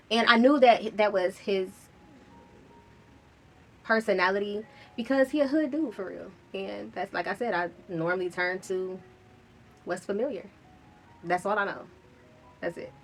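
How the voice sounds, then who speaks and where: A woman's voice: mid-range voice, moderate pace, long pauses, soft background music. A woman vlogger telling a personal story in a candid, casual way, swearing freely.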